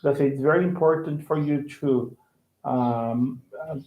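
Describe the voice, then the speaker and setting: This is an online English lesson led by a man whose mid-range voice moves a little slowly. He starts over frequently and checks for understanding, all through a tinny, echoing call connection.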